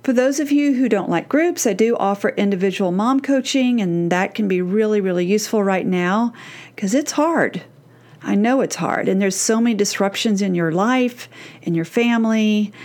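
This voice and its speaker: A middle-aged woman hosting a podcast lesson as a parenting coach. She speaks at a mid pitch in an earnest, emphatic manner. She slows down to stress key phrases. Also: darkish tone. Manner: earnest and emphatic, slowing down to act out quoted teens.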